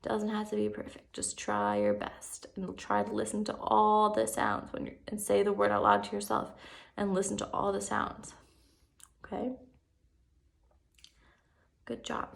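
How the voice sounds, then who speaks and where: With a mid-range voice full of vocal fry, a woman teaches spelling to first graders in a video, speaking patiently and encouragingly and pronouncing words slowly for the children.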